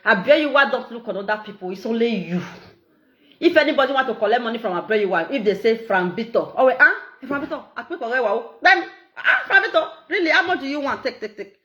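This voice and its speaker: A middle-aged Nigerian woman with an Edo accent, talking in a casual, animated, repetitive way and laughing often. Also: on the high side, quick pace, lo-fi sound. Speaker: social media live streamer. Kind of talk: casual monologue in Pidgin and Edo.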